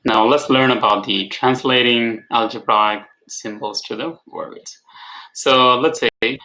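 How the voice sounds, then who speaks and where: A man's voice: medium pitch, takes it slowly, pushed and bright, low-quality recording. A man tutoring algebra over a video call, patient, repeating his prompts and checking for understanding. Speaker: math tutor. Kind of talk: online tutoring session.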